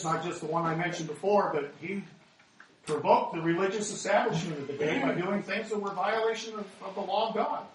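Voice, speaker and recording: A man's voice: sits high, fairly bright tone. Male pastor, sermon, dramatic scripture reading, rhetorical questions, faint noise. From United States. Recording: very echoey hall, speaker far from mic.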